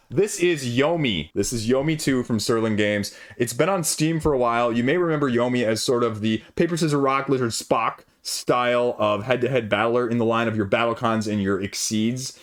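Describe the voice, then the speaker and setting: A man's voice: mid-range voice, normal speed, hardly any pauses. A man hosting his own board game channel, chatting casually through an unboxing in a rambling way and correcting himself as he goes.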